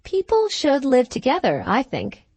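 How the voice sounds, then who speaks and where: A woman's voice: sits high, huge pitch swings, unhurried, darkish tone, breathy edge, no echo, pitched above the performer's own voice, heavily acted. Woman voicing a sincere innocent young lady, a touch lifted, dry close sound.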